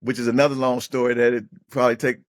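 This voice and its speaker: Racing along at medium pitch, a middle-aged ex-football player who now coaches recounts personal stories as a podcast guest. He's a lively storyteller who mimics others' voices, and he keeps repeating and restarting words mid-thought during this casual interview.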